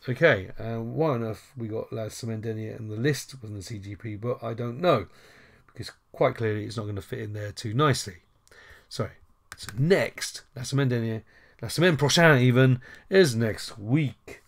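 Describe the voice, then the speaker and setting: A man's voice: fairly low pitch, fairly quick, vocal fry. Chatty man teaching French. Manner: chatty, self-deprecating asides. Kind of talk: screen-recorded language lesson.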